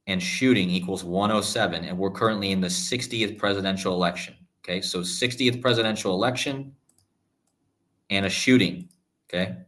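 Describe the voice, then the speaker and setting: Fairly low in pitch with a slightly bright tone, a male numerology host speaks to his audience in a live-stream screen-share monologue. His manner is insistent and repetitive, peppered with "guys" and "okay?", and his sentences stall and restart.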